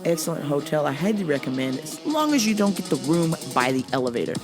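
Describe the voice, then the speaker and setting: Animated, joking woman podcast host. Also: deep voice, quick pace, over music. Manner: profane, joking storyteller who acts out sounds and voices. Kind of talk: casual comedic monologue.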